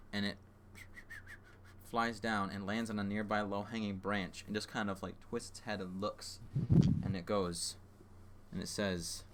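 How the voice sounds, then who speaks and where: A man narrating as game master of a tabletop game, halting with frequent fillers. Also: fairly low pitch, fairly bright tone, a little hiss or hum.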